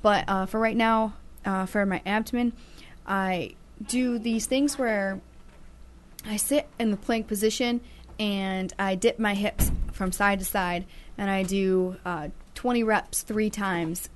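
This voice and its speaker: A woman's voice: mid-range voice, steady tone, slow pace, slight background noise. A woman co-hosting a casual web talk show, chatty and encouraging, with playful teasing. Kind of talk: casual chat.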